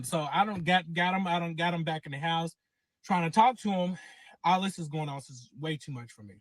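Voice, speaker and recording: A man, casually telling a long personal story and acting out every quote with lively cursing. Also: on the high side, fairly quick, no echo. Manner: animated, acts out quotes with cursing. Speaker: guest telling his story.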